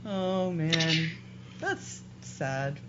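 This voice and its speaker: A man's voice: a little high, heavy background noise. A man hosting a casual interview, reacting with short remarks and frequent laughs. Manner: slow, lively reactions, laughs often. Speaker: host. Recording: dull lo-fi sound.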